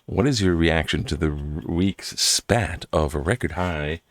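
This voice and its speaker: A man from Hawaii reads and reacts to the news in a casual solo chat, rambling with laughs and asides. He laughs often and jumps up in pitch for exclamations, keeping a measured pace, and the recording sounds dry.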